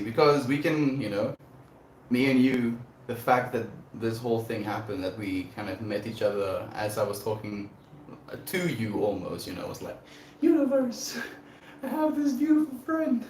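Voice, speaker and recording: A man's voice: lowish voice, moderate pace, a little hiss or hum. A man hosting a livestream, chatting casually and affectionately with viewers in a laid-back way. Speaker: livestream host. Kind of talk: casual chat reading viewer messages. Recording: echoey room.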